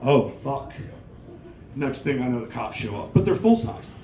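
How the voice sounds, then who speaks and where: Middle-aged male stand-up, crude and rambling, average pitch, live echoey room. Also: sing-song, normal speed, a loud crowd. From New York. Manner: crude, rambling storytelling full of swearing. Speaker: stand-up comic. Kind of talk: stand-up comedy set.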